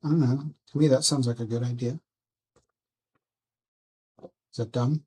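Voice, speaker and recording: A man hosting a casual build vlog, rambling softly to his viewers and himself while he works at a bench indoors. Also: mid-range voice, fairly even intonation, a little slow, husky. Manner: soft, rambling self-talk with musing asides. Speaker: drone hobby channel host.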